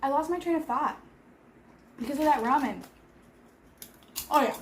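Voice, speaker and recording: A woman's voice: sits high, normal speed, a little hiss or hum. A woman in her thirties chatting casually on a vlog while eating, rambling with lots of filler words. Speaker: vlogger. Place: home in Seoul.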